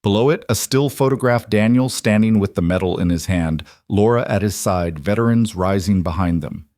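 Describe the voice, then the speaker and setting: A man reads a story in a low, steady voice, pacing each sentence with measured drama and the even control of a scripted storyteller. The recording is dry and close, with no room sound.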